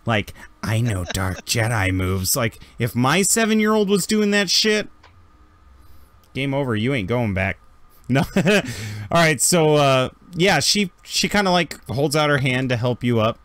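A man's voice: a little high, animated, fairly bright tone, dry recording. Joking man running a tabletop game. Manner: joking, slips into quick character voices. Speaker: game master.

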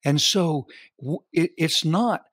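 Slow, deliberate male Bible teacher. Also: a little high, a bit bright, slightly rough, no room sound, clean studio sound. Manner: slow, deliberate, emphatic scripture reading. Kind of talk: podcast Bible study.

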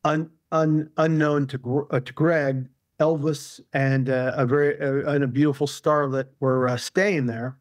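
A man's voice: medium pitch, little pitch movement, unhurried, hardly any pauses, no echo, clean studio sound. A male author, a guest in an interview, telling a long anecdote casually with many fillers and restarts.

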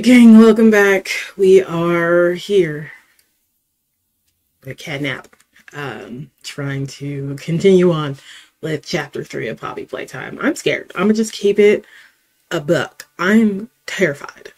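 A woman plays through a game on video, her commentary nervy and laid-back, full of slang and constant remarks about being scared. She speaks unhurriedly in a low voice with a darkish tone.

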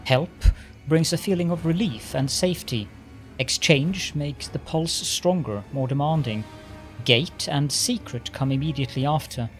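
A man reading a fantasy game's narration aloud in a steady storytelling manner. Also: on the high side, a little slow, faint music behind. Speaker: let's play narrator. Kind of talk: reading game text aloud.

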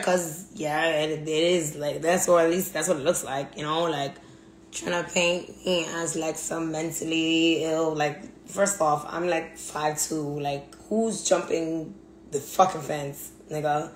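A woman vents in a blunt, profane rant, repeating herself for emphasis in an angry monologue. Her voice is low and unhurried. The room is echoey, with a faint hum in the background.

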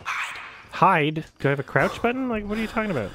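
A man's voice: sits high, lively intonation, fast talker, background noise. A man hosting a game playthrough, chatting casually and exclaiming and laughing at the game. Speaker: host playing the game. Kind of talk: casual gameplay commentary.

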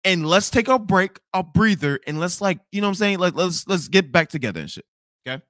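Fast, animated young man ranting. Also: high voice, no echo, studio quality. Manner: animated, swearing, repeats himself when angry. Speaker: podcast host telling a story. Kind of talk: profane storytelling rant.

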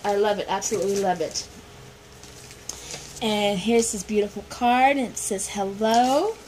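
A woman vlogger chatting casually through a haul video, gushing with excitement and repeating her thanks. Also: fairly high pitch, a little hiss or hum, poor audio.

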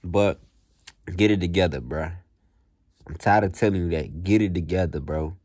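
A man's voice: low voice, moderate pace, darkish tone, dry recording, studio quality. A young man vlogging in a blunt, profane, slang-heavy motivational rant that repeats itself.

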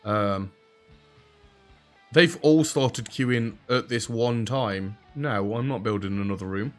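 This man's voice is on the low side and he takes things slowly, with faint music behind him. His English accent drops H's and T's. He provides casual let's play commentary in a dry, sarcastic, chatty manner.

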